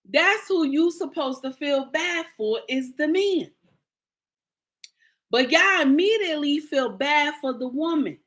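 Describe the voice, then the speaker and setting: A woman's voice: sits high, animated, slow pace, fairly bright tone. A woman, ranting in a sassy, indignant casual monologue to her viewers and acting out the people she quotes. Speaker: commentator.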